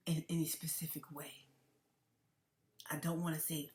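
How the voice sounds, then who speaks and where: A woman with a lowish voice talks through an emotional commentary to her viewers. She often drops to a whisper and circles back to repeat her points. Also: flat delivery, moderate pace, long pauses, darkish tone. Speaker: commentary vlogger.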